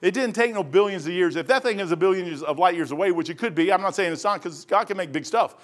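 High-voiced fervent preacher man. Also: fast talker. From Kentucky. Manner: fervent, swings between shouting and hushed asides. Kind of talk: impassioned preaching.

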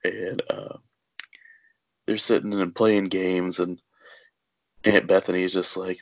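A man with a low-pitched voice talks through a film's plot in a loose, rambling way, full of fillers. His voice sounds dry and close to the mic, with no room sound. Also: flat delivery, slow, pauses often, no room sound. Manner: rambling, filler-heavy storytelling with laughs. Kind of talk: casual movie recap.

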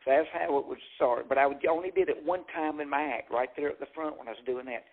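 A man's voice: a little high, fast, husky. A man from Mississippi with a thick Southern accent, a stand-up comedian telling stories in an interview and acting out quotes. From Jackson, Mississippi. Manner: animated storyteller acting out quotes. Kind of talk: storytelling interview. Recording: narrow phone-like sound.

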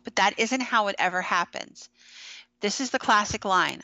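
Woman host, bright voice, a bit dull lo-fi sound, explains ghost lore. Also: medium pitch, moderate pace, dry recording. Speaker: podcast host. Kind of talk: casual chat about ghost stories.

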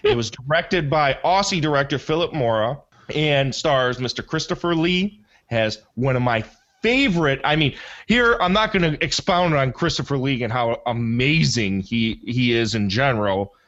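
A man's voice: medium pitch, lively intonation, moderate pace, fairly bright tone, highs cut off. A man hosting a movie podcast in casual chat, rambling enthusiastically and often correcting himself mid-sentence. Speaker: podcast host.

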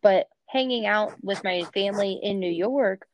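An American woman co-hosting a podcast, chatting casually with lots of "like" and quick laughs. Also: mid-range voice. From United States. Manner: chatty, filler-heavy, laughs often. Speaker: podcast co-host. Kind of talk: casual chat.

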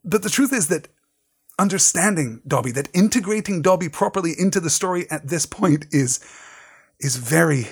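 Husky man leading a literature seminar. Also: on the high side. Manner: thoughtful, digressive with restarts. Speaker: seminar leader.

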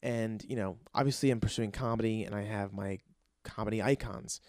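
A young man with a lowish voice hosts a comedy podcast, telling a story at a brisk clip in a casual, profane, rambling way. He's an excitable aspiring comedian who keeps restarting his sentences. The studio-quality recording has no room sound.

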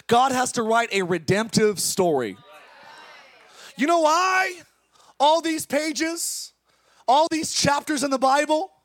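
A male pastor preaching an impassioned sermon that swings between fast talk, slow drawn-out words and shouting. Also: very high-pitched, no room sound. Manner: impassioned preaching, often shouting, sudden speed changes. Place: church service.

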